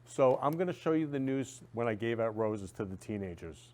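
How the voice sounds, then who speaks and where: A man hosts a talk show in an effusive, repetitive way. He says the same phrase again and again. His voice sits at a middle pitch. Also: expressive, moderate pace, darkish tone. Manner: effusive, repeats phrases, reads viewer comments aloud. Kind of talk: casual talk show monologue.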